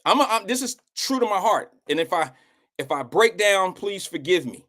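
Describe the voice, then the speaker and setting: A middle-aged man with a fairly high voice hosts a live stream. He chats loosely, rambling and slangy, drifting in and out of an emotional story. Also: sing-song, normal speed, a bit bright. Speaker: live show host. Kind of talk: casual live-stream talk.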